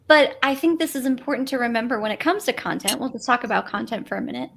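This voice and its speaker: A woman's voice: fairly high pitch, animated, fast talker, vocal fry, a bit bright, a little hiss or hum. A woman guest on a live stream talking about branding, enthusiastic and conversational. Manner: enthusiastic, conversational, says "like" often. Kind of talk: casual live stream interview. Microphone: video call.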